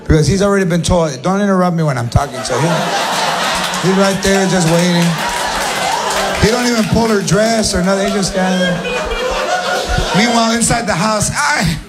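A man's voice: high-pitched, normal speed, pauses often, over loud music. A man telling a playful stand-up story about his family. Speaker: stand-up comedian. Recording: live show with loud crowd.

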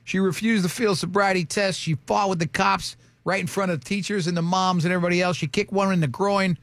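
A man hosting a talk radio show, telling stories and cracking jokes in animated studio banter. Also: high voice, fast, dry recording. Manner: animated, jokey storyteller. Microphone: studio mic.

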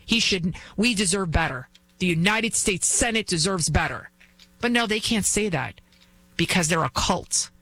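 A woman with a medium-pitched, fairly bright voice fills in as a talk show host, delivering a fervent opinion monologue loaded with repeated rhetorical questions. While retelling events, she acts out the voices she quotes.

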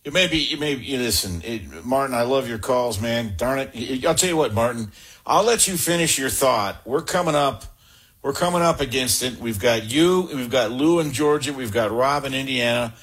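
Man, sports radio host, husky voice, mid pitch, upbeat, joking. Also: lively intonation, normal speed, fairly bright tone. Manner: upbeat, jokes and quotes movie lines. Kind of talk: call-in sports radio chat.

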